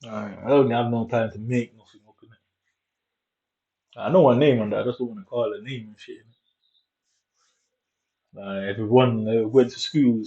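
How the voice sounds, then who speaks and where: A young man rambles through a personal story at an easy, unhurried pace. His speech is full of "innit" and "you get me", with a mid-pitched, everyday voice. The recording sounds dull and lo-fi. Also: a little mellow. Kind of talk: casual storytelling monologue.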